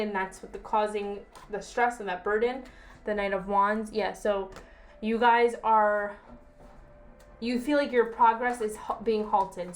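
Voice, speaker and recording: Chatty woman giving a tarot reading. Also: medium pitch. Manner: chatty, reassuring, repeats herself, asks "okay?". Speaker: tarot reader. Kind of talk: casual tarot reading to camera.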